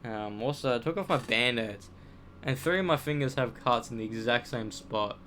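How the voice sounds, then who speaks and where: A man's voice: mid-range voice, normal speed, sharp tone. Young aussie guy rambling on stream, swears a lot, keeps restarting, faint hum in the background. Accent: Australian. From Australia. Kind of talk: casual gaming stream chat.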